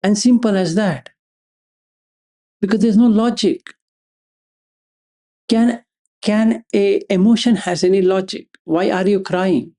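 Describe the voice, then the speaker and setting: This is a man delivering a Dhamma talk in a dark, gravelly voice. He reasons aloud through pointed rhetorical questions, returning again and again to Pali terms. His tone is blunt, brushing emotion aside as illogical. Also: sits high, slow, long pauses. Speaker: Buddhist Dhamma teacher.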